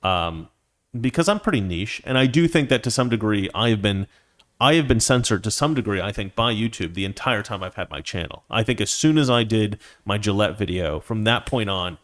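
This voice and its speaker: A man's voice: fairly low pitch, animated, fairly quick, a bit bright. Indignant man ranting on his show. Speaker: commentary show host. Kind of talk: political commentary monologue.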